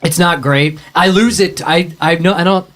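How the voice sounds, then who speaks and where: Slightly high-voiced laughing host. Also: male voice, a bit bright. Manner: laughing, quick asides. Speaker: podcast host. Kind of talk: casual chat.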